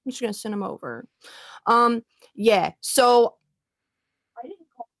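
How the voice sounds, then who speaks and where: A woman's voice: fairly high pitch, animated, measured pace, fairly bright tone, no room sound. A woman on a livestream, exasperated, swearing often and restarting her sentences as she answers accusations. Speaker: streamer responding to accusations. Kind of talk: livestream chat. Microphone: cheap microphone. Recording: dull lo-fi mic.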